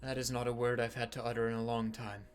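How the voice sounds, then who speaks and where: A man's voice: mid-range voice, little pitch movement, fast talker, faint music behind, lightly acted. Man voicing a grave woman leader. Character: grave woman leader Shayla, stern and solemn.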